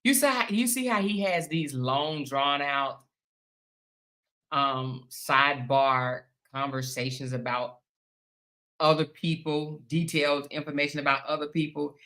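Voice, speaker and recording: A woman's voice: deep voice, measured pace, fairly bright tone. A woman hosting a reaction commentary, sassy, blunt and mocking in a casual way.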